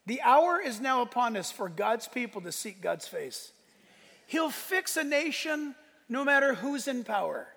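A man's voice: very high-pitched, big pitch swings, unhurried, creaky, a bit bright. A man preaching a sermon as pastor, impassioned, swelling and dropping in force. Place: church sanctuary. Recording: long reverb of a large hall.

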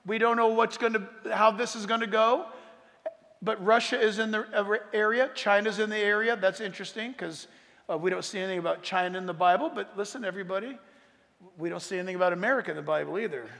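A fast-talking male pastor with vocal fry preaches a sermon on Bible prophecy. He grows loud and emphatic when reading scripture and sinks into quiet asides, all in echoey hall reverb.

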